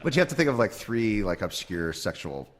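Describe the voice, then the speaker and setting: Deep-voiced man telling crude jokes. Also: big pitch swings, brisk, a crowd in the background. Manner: tells crude jokes in a loose, chuckling way. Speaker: comedian guest. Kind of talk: casual podcast chat.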